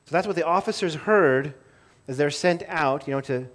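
A man's voice: on the high side, normal speed. A man preaching a sermon to his church in a conversational way, often repeating words as he restarts a thought. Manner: conversational, self-interrupting with small laughs and repeated words. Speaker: pastor.

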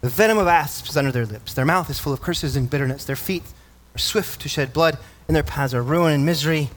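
Guy pastor giving a sermon, kinda high voice, reads bible verses out loud. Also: brisk, slight background noise. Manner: earnest preaching, asks the congregation questions, reads scripture aloud.

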